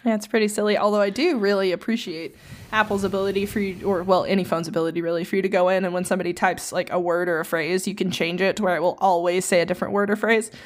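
A woman's voice: medium pitch, steady tone. Chatty woman podcast co-host. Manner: chatty storyteller, swears freely, quick asides. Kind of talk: casual podcast chat.

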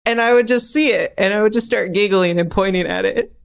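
A man co-hosting a podcast in casual chat, telling animated stories and giggling often. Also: high voice, brisk, gravelly, smooth. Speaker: podcast co-host.

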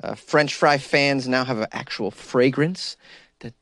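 A man's voice: medium pitch, a little slow, a bit bright, no echo, clean studio sound. A man hosting a podcast, giving loose comedic commentary, laughing often and mocking quotes in silly voices. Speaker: podcast host.

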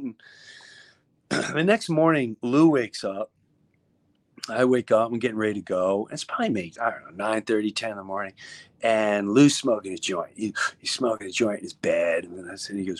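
Middle-aged male comedian, mid-pitch, animated anecdote teller with lots of restarts. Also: normal speed. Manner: animated, acts out quoted voices, many restarts. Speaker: comedian guest. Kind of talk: casual storytelling.

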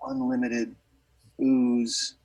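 A man's voice: medium pitch, level tone, very slow, a little mellow, distant mic, low-quality recording. A man, a musician, telling a rambling story in casual chat with lots of fillers and restarts.

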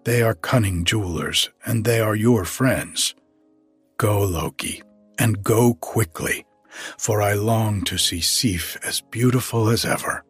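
A man's voice: on the low side, takes it slowly, slightly rough, faint music behind. A man voicing a mighty, angry male thunder god in a storybook reading, growling commands. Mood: commanding.

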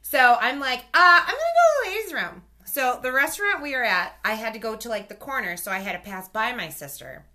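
A woman in her thirties telling a casual story in a chat, animated and swearing, acting out the voices of the people in it. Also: fairly high pitch, brisk, few pauses.

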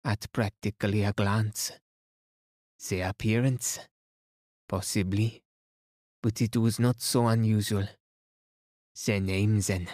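Male narrator doing a precise, self-satisfied older sleuth, slightly low, French asides. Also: fairly even intonation, slow pace, pauses often, darkish tone, no echo, studio quality. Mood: explaining. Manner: mildly reproving, polite, sprinkles French words. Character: fussy, self-assured older male detective.

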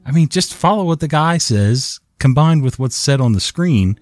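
A man's voice: a little high, expressive, moderate pace, a little mellow, no echo. A man who works a help desk, telling stories casually with exasperated, sarcastic asides. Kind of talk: casual storytelling.

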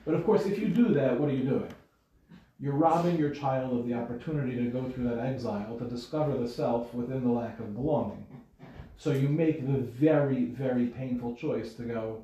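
A man's voice: mid-range voice, normal speed, mellow. A man giving an informal Torah class. He talks in a conversational way, asks his listeners questions and slips in dry humor. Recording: distant, echoey, muffled lecture recording.

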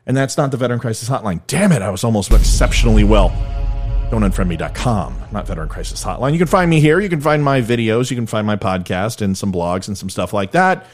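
A man's voice: fairly low pitch, animated, fast, faint music behind. A middle-aged man hosting a podcast, delivering comedic political commentary in an irreverent, self-deprecating, joking manner. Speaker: podcast host.

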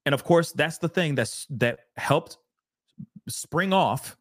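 A man's voice: fairly high pitch, lively intonation, slow, no echo, studio quality. A man co-hosting a casual talk show, speaking emphatically and repeating phrases for emphasis. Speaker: podcast co-host. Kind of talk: casual discussion.

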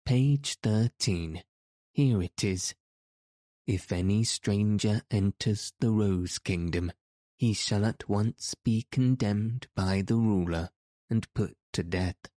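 A man reading a storybook, voicing a squeaky, indignant little royal gardener who insists on the rules. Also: slow pace, dark tone, no echo, studio quality. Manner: indignant, self-righteous. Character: fussy little royal gardener, rule-bound and spiteful.

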